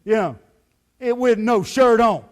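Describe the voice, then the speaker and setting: A man preaching a sermon as pastor, telling the story in a lively, folksy way full of "you know" fillers. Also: very high-pitched, a little slow. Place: church sanctuary.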